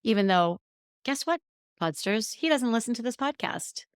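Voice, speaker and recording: A woman's voice: fairly high pitch, lively intonation, moderate pace, smooth, no room sound, clean studio sound. Candid New woman hosting a podcast. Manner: candid, emphatic, self-deprecating. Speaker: podcast host. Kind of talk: casual solo podcast monologue.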